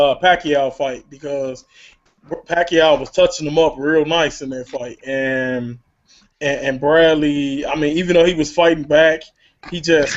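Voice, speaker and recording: A man hosting a casual boxing talk show, rambling with many stammered restarts. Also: a little high. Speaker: podcast host. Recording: lo-fi online call with faint hiss.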